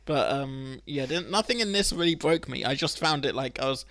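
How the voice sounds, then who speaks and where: Lively, gravelly man chatting. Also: mid-range voice, normal speed, dry recording. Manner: laughs often, hesitant with many ums. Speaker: podcast co-host. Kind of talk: casual chat about a TV series.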